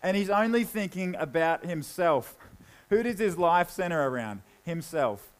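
A man's voice: lively intonation, unhurried, rough recording. Casual man preaching a sermon. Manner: casual, conversational with frequent "like"; drops low and quiet when reading scripture. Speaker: pastor.

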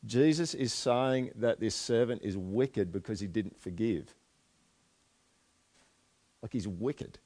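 Male pastor, conversational sermon, fond of quiet asides and questions to the room. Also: lowish voice, slow pace, long pauses. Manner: chatty, asks the listeners questions, drops to quiet asides.

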